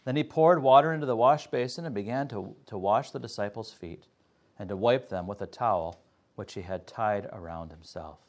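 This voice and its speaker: Man, lowish voice, Sunday school teacher, earnest, pauses with uh a lot. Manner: earnest, explains step by step with many uh pauses. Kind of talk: Bible class teaching.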